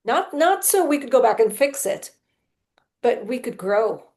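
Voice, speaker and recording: A woman's voice: fairly high pitch, big pitch swings, unhurried, darkish tone. A woman speaking in conversational podcast talk, telling her story expressively and acting out past conversations.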